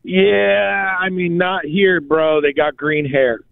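A man with a high voice tells stories in casual chat, acting out what people said and dropping "bro" and "like" all the time. The sound is dry and thin, as if it came through a phone line. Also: slow, vocal fry, no room sound. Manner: animated storyteller, acts out quotes, says "like" and "bro" often.

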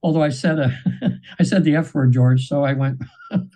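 A man's voice: a little high, fairly even intonation, normal speed, mellow, poor audio. A man in his seventies, a radio interview guest telling a spiritual story, rambling with many restarts and repeated words. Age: 70s.

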